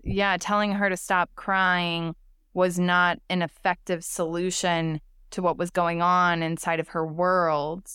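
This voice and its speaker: Low, crisp-voiced woman hosting thoughtfully. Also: level tone, sharp tone, dry recording, studio quality. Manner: measured, thoughtful, encouraging. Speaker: podcast host. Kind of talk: conversational podcast chat.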